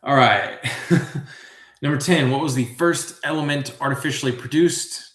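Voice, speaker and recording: A man hosting a live trivia stream, reading questions slowly and drifting into musing asides. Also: a little high, fairly bright tone, reverberant. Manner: slow, drawn-out, musing asides. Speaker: trivia host.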